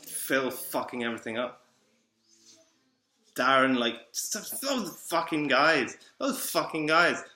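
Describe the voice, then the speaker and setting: Young guy ranting with plenty of swearing; bright, tense voice in an echoey room. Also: a little high. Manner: profane, agitated, repetitive ranting. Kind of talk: rambling personal monologue. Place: room in a psychiatric ward.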